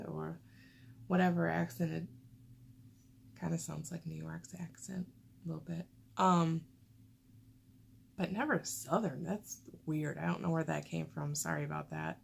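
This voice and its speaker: A woman chatting casually to her viewers, rambling along with plenty of fillers. Her voice has a gravelly edge, and she talks at an unhurried, slow pace. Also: sits low, steady tone, a little hiss or hum. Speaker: vlogger. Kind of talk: casual chat to camera.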